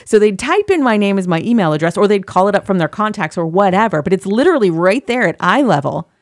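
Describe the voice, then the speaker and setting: A woman's voice: medium pitch, expressive, fast, no room sound, studio quality. A woman in her forties, a former radio host, chatting candidly with wry, profane humor. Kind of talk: casual chat.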